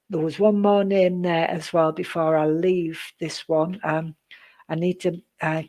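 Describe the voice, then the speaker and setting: A woman giving psychic readings on a live stream, chatty and rambling, greeting viewers by name, with many pauses and "um"s. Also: deep voice, darkish tone. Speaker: psychic reader.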